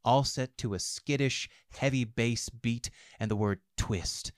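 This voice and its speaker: A man narrating fiction aloud in a wry, expressive storytelling manner. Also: medium pitch, a little slow, no echo, studio quality.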